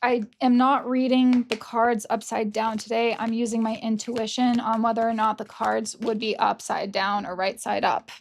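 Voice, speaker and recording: A woman doing a casual, gentle pick-a-card tarot reading, gushing over the cards and openly emotional. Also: on the high side, little pitch movement, normal speed, vocal fry, few pauses. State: tearful at times. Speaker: tarot reader.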